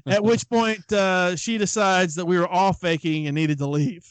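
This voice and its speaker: A man in his thirties with a somewhat high voice rambles through a story, circling back with restarts and fillers. The sound is dry and close, with no room echo. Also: steady tone, moderate pace, clear, resonant tone. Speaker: podcast co-host. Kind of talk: casual chat, storytelling.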